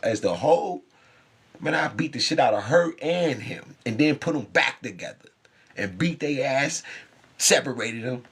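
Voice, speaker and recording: Guy with a gravelly rough voice going on and on about spirits, intense, swears a lot. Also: medium pitch. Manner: intense, profane, laughs often. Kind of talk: rambling spiritual monologue.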